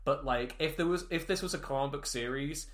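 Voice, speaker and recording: A man co-hosting a film podcast in casual chat, animated and laughing often as he recounts scenes. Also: a little high, a little fast. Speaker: podcast co-host.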